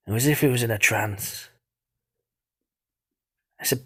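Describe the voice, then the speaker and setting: A man's voice: fairly low pitch, unhurried, pauses often, a bit bright, husky. A man narrating a tale in a dramatic spoken style, piling on repeated words for effect. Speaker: storyteller.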